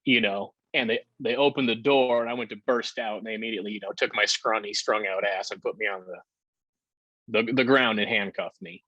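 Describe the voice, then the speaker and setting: A man telling his story candidly in a casual interview, with halting fillers and the odd curse. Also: lowish voice, fairly even intonation, no room sound. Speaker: podcast guest. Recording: dull lo-fi sound.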